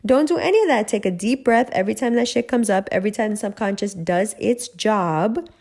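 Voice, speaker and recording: A woman who talks in a direct, emphatic way, swearing freely while she lectures. Her voice sits at an ordinary middle pitch. It is a casual ranting monologue, spoken as host. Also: brisk, darkish tone. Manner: emphatic, profane, preachy, direct. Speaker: podcast host, spiritual reader.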